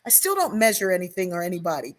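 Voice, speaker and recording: An older woman, a sociologist and author appearing as a guest on an interview show, speaks in a fairly low, sing-song voice at a racing pace. She tells a long personal story, acting out the voices she remembers.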